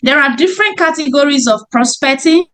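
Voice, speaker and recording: A woman's voice: high voice, brisk, fairly bright tone, rough recording. A woman teaching sales in a webinar, emphatic and repeating her key points. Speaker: sales trainer. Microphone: webinar microphone.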